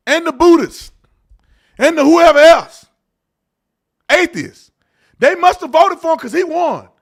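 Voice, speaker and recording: Animated man host, mocking and loud. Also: very high voice. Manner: animated, mocking, switches between hushed asides and loud outbursts. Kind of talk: live political commentary show.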